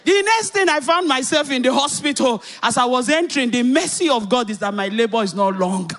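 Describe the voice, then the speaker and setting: Animated Nigerian woman preaching. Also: sits high, a little fast. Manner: animated storytelling with loud exclamations. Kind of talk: sermon with personal testimony.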